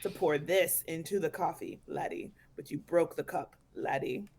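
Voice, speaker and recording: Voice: mid-range voice, normal speed, vocal fry, a little mellow, slight background noise, lightly acted. A player voicing an earnest adventurer with a put-on who calls everyone laddie, during a tabletop game. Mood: insistent. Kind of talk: tabletop role-play, in character.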